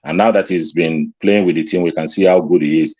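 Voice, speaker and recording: A man speaking as a guest on a casual live stream, laying out his views with "um" pauses. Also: sits low, fairly even intonation, a little mellow, husky, dry recording, dull audio. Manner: measured, reasoned speech with "um" pauses. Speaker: guest commentator. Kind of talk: casual chat.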